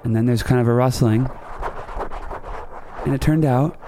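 Over some background noise, a man with a mid-range voice speaking at normal speed hosts a comedy podcast. He tells a rambling story playfully, correcting himself along the way.

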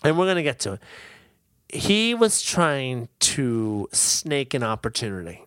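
Lively, bright-voiced man. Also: mid-range voice, a little slow, dry recording. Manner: animated, emphatic, laughs often. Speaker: podcast co-host. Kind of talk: casual podcast chat.

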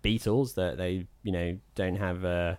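A man's voice: low voice, steady tone, unhurried, darkish tone, clear, resonant tone. A man with a British accent and a slight American twang, co-hosting a podcast in a laid-back, hedging casual chat with dry humor. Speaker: podcast co-host.

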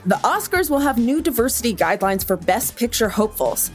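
Woman podcast co-host, high-ish and very lively, light music underneath. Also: fairly quick. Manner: giggly, chatty, animated. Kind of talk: casual chat and show intro.

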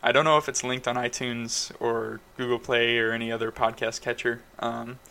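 Bright, flat-voiced man co-hosting a podcast. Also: mid-range voice, moderate pace, vocal fry. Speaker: podcast co-host. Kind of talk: casual chat.

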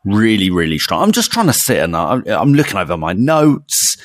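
A man's voice: mid-range voice, huge pitch swings, normal speed, dry recording. A man co-hosting a casual podcast chat, emphatic and prone to repeating words for stress. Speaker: podcast co-host.

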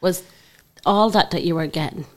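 Female radio host; low voice, informal, conversational questions. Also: normal speed. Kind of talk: radio interview.

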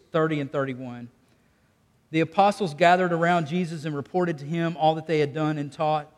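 Male pastor, high-pitched voice, chatty call-and-response preaching, recorded live in a church with a long echo. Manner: folksy, conversational preaching with audience call-and-response. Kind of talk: sermon. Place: church sanctuary. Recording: long reverb of a church hall.

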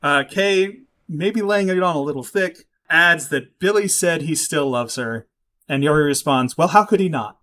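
A man's voice: on the high side, a little slow, bright, forceful tone. Wry, swearing man reading his notes. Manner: wry, profane, reads his notes aloud. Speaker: podcast co-host. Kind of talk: casual chat recapping an anime episode.

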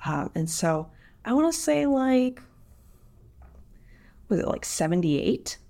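Gravelly, lively woman podcast co-host. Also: fairly high pitch, slow pace. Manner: hesitant, lots of fillers and likes. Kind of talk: casual chat.

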